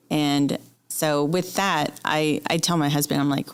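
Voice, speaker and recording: A woman's voice: low voice, steady tone, measured pace, clean tone. A woman guest speaking candidly and with emotion in an interview, telling a personal story.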